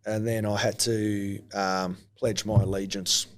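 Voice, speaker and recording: A man from New Zealand with a broad Australian-tinged New Zealand accent, talking casually as an interview guest, relaxed and hesitant with frequent ums. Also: lowish voice, a little slow. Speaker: guest, former rugby league player.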